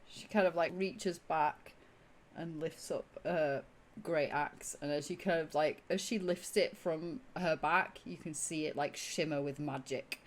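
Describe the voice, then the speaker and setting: A woman's voice: low-pitched, unhurried. A woman narrating as game master of a tabletop game, rambling casually with many fillers. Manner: rambling, lots of fillers and laughs.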